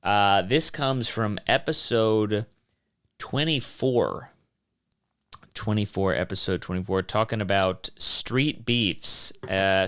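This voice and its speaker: A man with a low, smooth, resonant voice hosts his own podcast. He talks in a loose, rambling monologue, jokes as he goes, and swears freely. He swings between lively bursts and drawn-out asides. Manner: animated, joking, swears freely. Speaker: podcast host.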